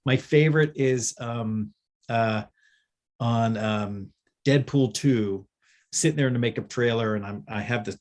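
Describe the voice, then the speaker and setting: A man, a guest makeup effects artist, telling stories in a casual interview, rambling with many fillers and restarts. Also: fairly low pitch. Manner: lively when retelling anecdotes.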